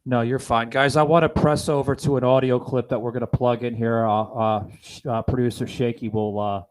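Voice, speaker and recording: A man's voice: medium pitch, steady tone, normal speed, slight background noise. A man hosting a political podcast in a fervent style, repeatedly calling his listeners folks. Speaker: podcast host.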